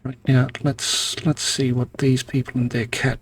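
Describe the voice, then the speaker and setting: A man's voice: medium pitch, flat delivery, unhurried, recorded from a distance, a little hiss or hum. A man playing a video game and reading its dialogue aloud, with playful asides. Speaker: gaming commentator. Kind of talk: let's play commentary reading game dialogue.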